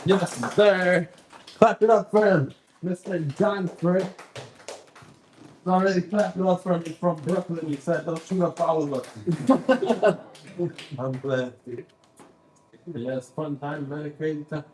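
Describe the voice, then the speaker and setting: A man's voice: on the high side, fairly even intonation, slow, pauses often, darkish tone, slight background noise. A man hosting a comedy show, loose and stammering as he hypes the crowd and tells a bit. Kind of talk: emceeing and stand-up. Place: basement comedy club. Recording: echoey club room.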